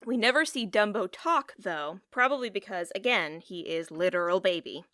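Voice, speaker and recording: A woman's voice: medium pitch, moderate pace, a bit bright, no room sound. Giggly rambling woman podcaster, dry sound. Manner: giggly, rambling, pun-loving. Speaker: podcast co-host. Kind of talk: casual chat.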